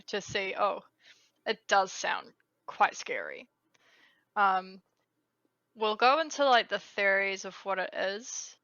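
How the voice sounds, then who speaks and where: A woman's voice: medium pitch, gravelly, bright, forceful tone, no room sound, lo-fi sound. A woman with a New Zealand accent co-hosting a podcast in casual chat, chatty with lots of fillers. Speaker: podcast co-host.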